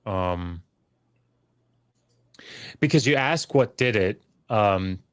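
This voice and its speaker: A low-voiced, middle-aged man, a scholar on a podcast, spins a lengthy anecdote in casual talk, stumbling over fillers and restarts and livening up as he voices others. His intonation is lively, his words drawn out, and his tone fairly bright, clear and resonant. The recording is close and dry, without echo or room sound.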